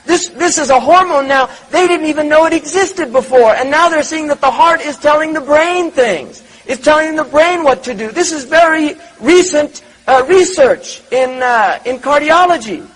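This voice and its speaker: A man's voice: very high-pitched, moderate pace, few pauses, a bit bright, poor audio. A man giving a religious lecture, reflective, repeating words and asking rhetorical questions. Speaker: Islamic lecturer.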